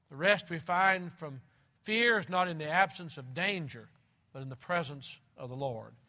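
A man with a voice on the high side preaches a sermon, reading scripture aloud. He repeats key phrases slowly and with heavy emphasis, shifting between loud and hushed passages.

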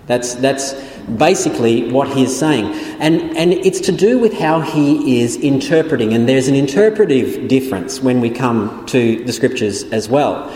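A man's voice: mid-range voice, mellow. A man giving a theology lecture in an explanatory way, often restarting his sentences. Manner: explanatory, many restarts and fillers. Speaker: Bible teacher. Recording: echoey room with long reverb.

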